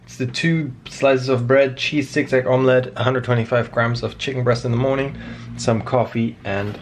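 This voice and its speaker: This fitness vlog features a mid-thirties man chatting loosely on camera, full of stories and free-flowing profanity. His voice is medium in pitch, fairly even in intonation and moderate in pace.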